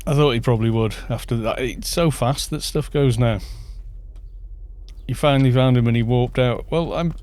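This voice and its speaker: A man's voice: mid-range voice, normal speed, a little mellow, no echo. Chatty man streaming a game. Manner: rambling, muses aloud and answers chat. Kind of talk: casual live-stream chat while gaming.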